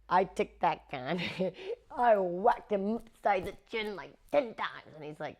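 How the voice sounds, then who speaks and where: A middle-aged actress being interviewed, animatedly telling stories and acting out the quotes. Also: female voice, fairly low pitch, normal speed. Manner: animated, acts out quotes with laughs. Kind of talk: anecdotal interview storytelling.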